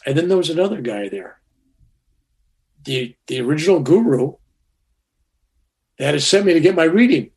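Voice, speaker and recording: An older man with a slightly high voice tells a personal story in a loose, rambling way. He is conversational and often restarts himself. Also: lively intonation, moderate pace, long pauses, darkish tone.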